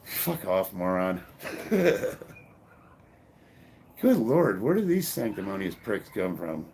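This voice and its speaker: A man's voice: low voice, very animated, takes it slowly, creaky, a little mellow, a little hiss or hum. A fifty-year-old man from Illinois, reading his live-stream chat in a blunt, combative, profane way, with bursts of laughter. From Illinois, USA. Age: 50s. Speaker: powerlifter answering live chat.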